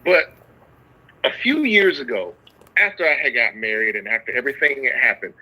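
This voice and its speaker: A man's voice: mid-range voice, expressive, moderate pace, pushed and bright, slightly rough, rough recording. A man talking about marriage and intimacy in a preaching style, building to emphatic peaks. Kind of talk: preaching talk.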